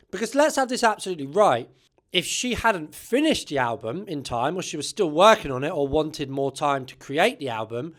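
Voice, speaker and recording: A man's voice: on the high side, a bit bright. Chatty man, opinionated commentary. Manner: chatty, opinionated, says "right?" often. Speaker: music channel host. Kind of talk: casual commentary to camera.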